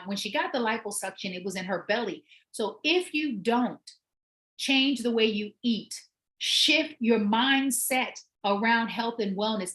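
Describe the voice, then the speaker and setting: A middle-aged woman with a slightly high voice hosts her own show and tells a story from her work as a personal trainer. She is animated and emphatic and repeats phrases to drive a point home. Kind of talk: storytelling monologue.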